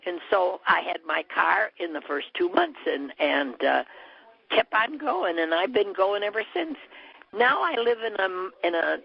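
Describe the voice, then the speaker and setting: A woman's voice: on the low side, sing-song, unhurried, creaky, slightly rough. An older woman, a bra business distributor, telling a long chatty story on a call, with many fillers. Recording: muffled telephone line.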